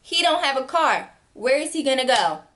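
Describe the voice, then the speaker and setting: A woman in her twenties telling a storytime vlog, animated and acting out quotes with sudden jumps in pitch. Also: moderate pace. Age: 20s. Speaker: vlogger. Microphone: camera mic.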